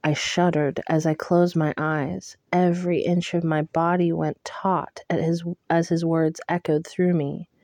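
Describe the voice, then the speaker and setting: A woman reading a first-person novel aloud in a hushed, intimate way. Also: low voice, little pitch movement, measured pace, few pauses, no echo. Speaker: audiobook reader.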